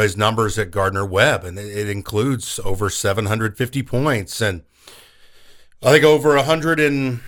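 A man co-hosting a sports talk radio show, recapping a game in a relaxed way. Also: on the low side.

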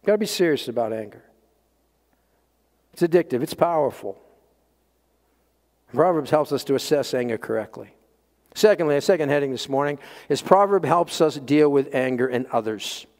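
A man preaching a sermon as pastor, emphatic, swinging between loud peaks and quiet low lines. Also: animated, moderate pace, pauses often. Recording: long hall reverb.

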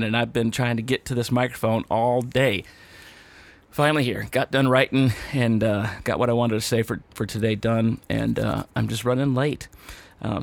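A male podcast host speaks in a studio, still out of breath. His talk is loose and unscripted, full of fillers, restarts and trailing asides. His pitch sits mid-range. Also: no echo. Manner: rambling, with many fillers and restarts. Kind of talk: casual off-the-cuff podcast talk.

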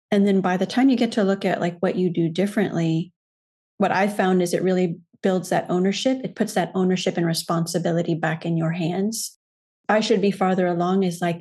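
A woman who works as a coach, a podcast guest speaking in a thoughtful, earnest and measured way. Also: on the low side, a little mellow, husky. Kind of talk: reflective podcast conversation.

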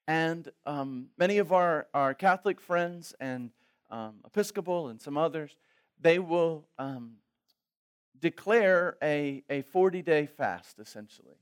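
A male pastor preaches in an animated storytelling style. His voice is high and swings widely in pitch. He acts out the voices of the people in his anecdotes. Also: unhurried, clear, resonant tone. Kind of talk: sermon storytelling.

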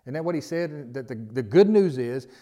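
A man's voice: mid-range voice, animated, moderate pace, dark tone. A man with a Southern US accent preaching a sermon as pastor, in a folksy, conversational way with repeated phrases and asides.

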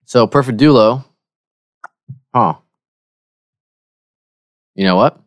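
A man's voice: mid-range voice, slow, no echo, clean studio sound. A man playing a tabletop game in casual chat, adding up his damage rolls aloud. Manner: relaxed, counts damage aloud. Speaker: player.

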